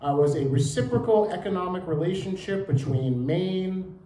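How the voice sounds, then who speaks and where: A man gives a public talk to a live audience, chatty and quick to crack a joke. His voice sits a bit high but has a mellow tone. The room is echoey, with faint background ambience. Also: expressive, a little hiss or hum. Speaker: museum director and historian giving a talk. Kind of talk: public lecture. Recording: roomy hall with faint ambience.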